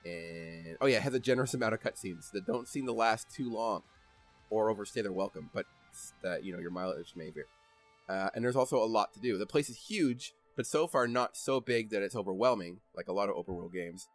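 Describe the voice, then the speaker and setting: A man hosting a podcast in casual chat, animated and rambling, and laughing as he tells stories. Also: lowish voice, a little fast, soft background music. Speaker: podcast host.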